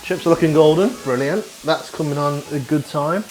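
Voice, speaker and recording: A man's voice: fairly high pitch, normal speed, rough recording. A young man, chatting casually and rambling as he cooks in his home kitchen, swearing now and then. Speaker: vlogger. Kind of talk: casual cooking vlog. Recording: music playing behind. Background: frying sizzle and music.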